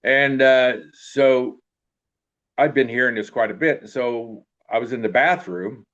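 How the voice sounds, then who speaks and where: A man's voice: mid-range voice, unhurried, fairly bright tone. An older man, an actor, telling casual anecdotes in an interview in a rambling way, restarting sentences and trailing off with throwaway tags. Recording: dull lo-fi recording.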